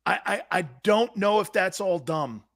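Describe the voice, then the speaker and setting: A man with a high-pitched voice hosts a sports talk show in an animated, ranting style. He is loud and mocking, and he slips into angry fan impressions. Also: moderate pace.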